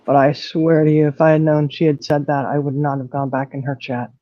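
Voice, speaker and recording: A man's voice: fairly high pitch, level tone, fairly quick, mellow, no room sound. Angry, emotional man on a livestream. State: holding back tears. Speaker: livestream host. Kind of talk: casual livestream chat. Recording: dull lo-fi mic.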